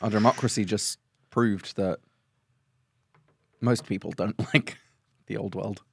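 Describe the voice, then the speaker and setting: A man's voice: lowish voice, steady tone, slow pace, creaky, breathy edge, no room sound. A man co-hosting a casual podcast, trading wry, teasing asides. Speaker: podcast co-host. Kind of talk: casual banter.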